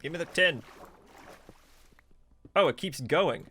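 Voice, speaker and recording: A man streaming a video game, chatting casually with viewers, laughing often and reacting excitedly. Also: a little high, slow, slightly rough. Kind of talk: casual live gameplay commentary.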